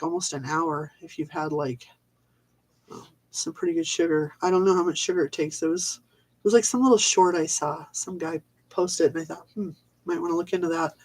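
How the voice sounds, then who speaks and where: In a vlog with poor audio, a woman rants in a rambling, exasperated monologue, swearing and trailing off with fillers. Her voice is on the low side and her pace is normal.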